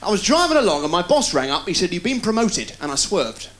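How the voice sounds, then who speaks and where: A man doing stand-up, firing off deadpan one-liners and puns. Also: sits high. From England. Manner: rapid-fire deadpan puns with quick delivery. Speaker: stand-up comedian. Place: live TV studio with a laughing audience. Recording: loud crowd laughter, noisy 1990s TV broadcast.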